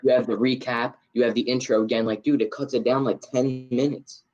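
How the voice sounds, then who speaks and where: A young man hosting a casual podcast chat, talking in an animated, ranting way. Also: medium pitch, brisk. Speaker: podcast host. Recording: dull lo-fi mic.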